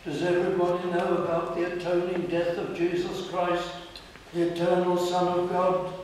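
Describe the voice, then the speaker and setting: Fervent preacher echoing from far off. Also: male voice, high voice, completely flat delivery, normal speed, a little mellow, slight background noise. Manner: fervent, rising to emphatic appeals. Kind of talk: sermon. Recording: echoey hall from far off.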